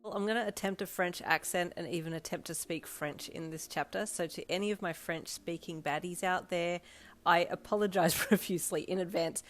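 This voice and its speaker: A woman narrating an audio fanfiction, bubbly in her intro and steady in the story. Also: fairly low pitch, fairly quick. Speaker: fanfiction reader. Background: faint backing music.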